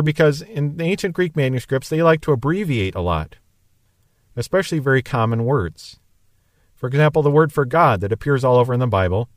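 A man's voice: medium pitch, dry recording, clean studio sound. Man musing through Bible verses. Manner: musing, conversational explaining. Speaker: Bible teacher.

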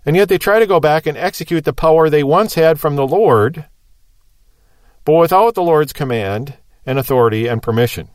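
A man preaches in an easy, conversational manner, explaining step by step and posing rhetorical questions. His voice sits a little high. The sound is dry and close. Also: animated, moderate pace, no room sound. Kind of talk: sermon.

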